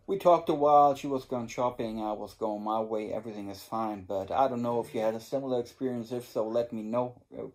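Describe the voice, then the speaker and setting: A man's voice: on the low side, gravelly, darkish tone. A man hosting a cigar channel who tells a story casually to his viewers, rambling, restarting his sentences and swearing now and then. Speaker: cigar review channel host. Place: home in Germany.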